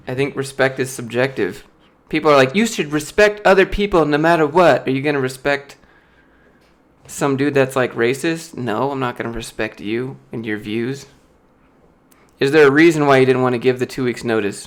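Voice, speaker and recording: A young American man chatting casually on a livestream, reading questions from chat and telling stories with lots of fillers, laughing often and mimicking other people's voices. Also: medium pitch. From United States. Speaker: YouTuber answering live chat questions.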